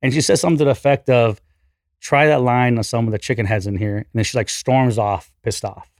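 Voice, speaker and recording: A man in his forties, a podcast guest, telling a story in an animated, profane, self-deprecating way. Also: mid-range voice, brisk, no echo, clean studio sound. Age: 40s. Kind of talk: casual storytelling.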